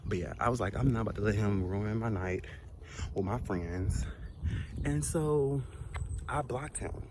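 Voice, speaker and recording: A man's voice: lowish voice, unhurried, background noise. A young man vlogger telling a casual storytime while walking outdoors, sassy and chatty with asides to his viewers.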